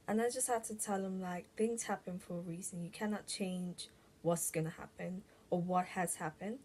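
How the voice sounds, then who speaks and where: A young woman talks slowly through a personal story, pausing and restarting often. Her voice is mid-pitched and unhurried, a casual vlog told straight to camera. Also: fairly even intonation, dark tone, slight background noise. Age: young adult. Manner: slow, halting, full of "like" and restarts. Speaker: vlogger.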